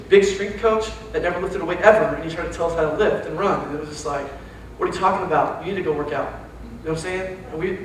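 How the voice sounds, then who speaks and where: A young man with a Texan accent preaching a casual, joking sermon to young adults, telling animated stories with slang. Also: high voice. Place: large church hall. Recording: very echoey hall, distant mic, faint hiss.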